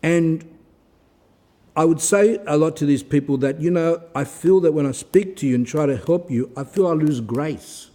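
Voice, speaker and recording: At a normal speed, a middle-aged man who is an Orthodox priest delivers an earnest sermon-style talk full of stories and performed dialogue. His voice is on the high side, with a dark tone.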